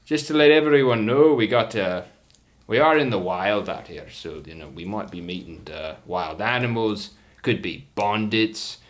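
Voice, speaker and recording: A man's voice: fairly low pitch, moderate pace, natural voice. A man voicing a boisterous, jovial gator riverboat captain with an odd mixed Australian-Scottish twang and cheery showman announcements. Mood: jovial welcome. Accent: odd mixed Australian-Scottish put-on twang.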